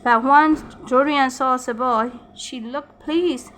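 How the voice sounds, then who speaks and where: Bright-voiced woman reading a storybook. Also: sits high, slight background noise. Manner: halting, with slips and restarts. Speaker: reader. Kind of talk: reading a graded storybook aloud.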